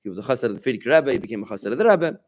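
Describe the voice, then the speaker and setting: A middle-aged rabbi leads an informal Torah class with a man's mid-range voice. He talks animatedly and conversationally, leaning hard on key phrases and tossing quick remarks to his students. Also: mid-range voice. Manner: animated, emphatic, conversational, bantering with listeners.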